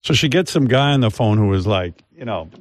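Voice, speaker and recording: A man's voice: lowish voice, fairly quick, no echo. An older man, a radio host, telling a long rambling story in casual chat on a studio mic. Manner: rambling, animated, mimics others' voices in quotes. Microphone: studio microphone.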